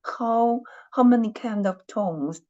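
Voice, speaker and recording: A woman's voice: on the high side, takes it slowly, dark tone, highs cut off. A woman teaching a Chinese class online, patiently repeating her questions and humming while she thinks.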